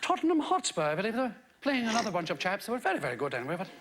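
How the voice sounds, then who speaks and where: A man's voice: high voice, wildly swooping pitch, rapid-fire, pitched below the performer's own voice. A man putting on a plummy English radio preacher. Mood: prim. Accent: posh English, put on. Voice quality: plummy, prim and patronising. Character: pompous posh English radio preacher, middle-aged man. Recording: loud noisy live stand-up recording.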